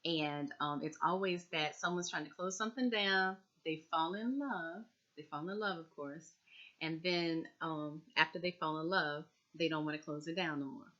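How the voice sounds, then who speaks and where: A woman's voice: deep voice, normal speed, a bit bright, muffled recording. A woman chatting casually as a TV recap vlogger, repeating herself and talking straight to her viewers.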